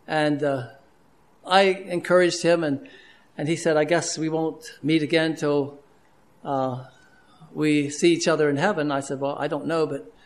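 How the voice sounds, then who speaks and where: A man's voice: a little high, steady tone, normal speed. A man preaching a sermon in an earnest, conversational way, with frequent restarts and fillers.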